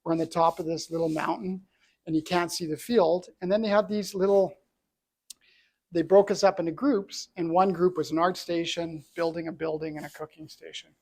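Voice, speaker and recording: A man's voice: fairly high pitch, flat delivery, normal speed, darkish tone. A middle-aged man from Canada, an entrepreneur telling his own story in an earnest, reflective way. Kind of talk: personal storytelling talk.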